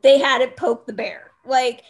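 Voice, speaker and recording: A woman guest on a podcast, chatting casually, animated and opinionated with some swearing. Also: high voice, slow pace. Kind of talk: casual chat.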